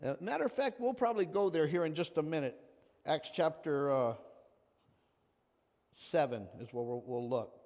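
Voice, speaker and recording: A man's voice: on the high side, moderate pace, pauses often, a little mellow, in a large hall. A man preaching a conversational sermon, asking questions and calling on listeners by name. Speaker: pastor. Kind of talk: interactive sermon.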